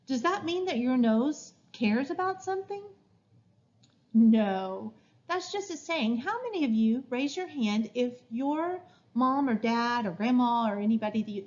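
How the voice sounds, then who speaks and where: Brief: woman as a kindergarten-style teacher, slightly high, patient sing-song delivery, dull lo-fi recording. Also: a little mellow. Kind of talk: classroom rules lesson to young children.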